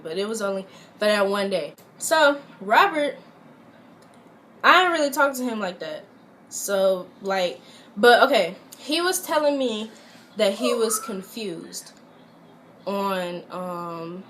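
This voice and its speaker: A young woman chats straight to the camera, retelling a personal story in a loose, filler-heavy way. Her voice sits at an ordinary middle pitch. A faint hiss runs under the recording. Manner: chatty, animated, lots of "like" fillers. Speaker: vlogger. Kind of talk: casual storytime vlog.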